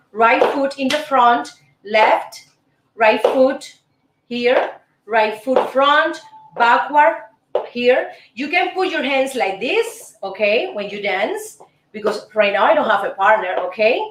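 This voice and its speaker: A woman leads a dance lesson at a slow, unhurried pace, counting each step aloud and cheering the viewer on. Her voice sits a little high. It is picked up from across a roomy space, with music playing behind her. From Cuba. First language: Spanish. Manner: counts steps aloud, encouraging, repeats herself, bursts of shouting. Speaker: host and dance teacher. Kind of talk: demonstrating dance steps. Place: indoor room. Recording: roomy distant recording with music.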